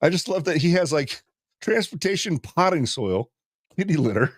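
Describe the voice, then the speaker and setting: A man's voice: a little high, sing-song, normal speed, slightly rough, dry recording, studio quality. A man who works in radio, trading jokes in casual chat and laughing a lot. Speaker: radio host.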